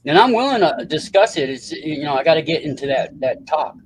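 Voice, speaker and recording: Male livestream host, slightly high voice, loose profane rambling chat. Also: expressive, brisk, slight background noise.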